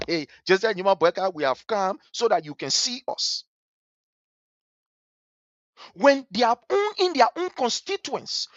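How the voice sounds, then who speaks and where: A Liberian man with a high-pitched, slightly bright voice delivers impassioned political commentary, scornful and emphatic, repeating phrases to hammer his points. There's no room sound, and the audio is a dull lo-fi stream.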